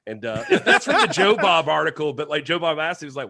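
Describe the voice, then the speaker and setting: A man's voice: a little high, very animated, fast talker, hardly any pauses, sharp tone, no echo, studio quality. A man co-hosting a podcast, talking casually and digressively, joking and laughing often. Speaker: podcast co-host. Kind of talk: casual chat.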